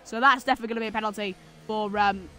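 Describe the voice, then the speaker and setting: A man's voice: high voice, fairly even intonation, rapid-fire, bright, forceful tone. A man commentating a sim racing league, teasing his co-host and calling the action. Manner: banter, bossy teasing of co-host. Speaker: race commentator.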